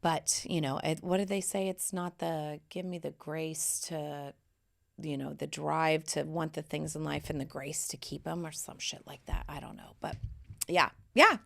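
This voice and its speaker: Animated, foul-mouthed woman podcast host. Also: sits low, unhurried, gravelly. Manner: animated, swears freely, swings between loud bursts and hushed asides. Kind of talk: casual solo podcast talk.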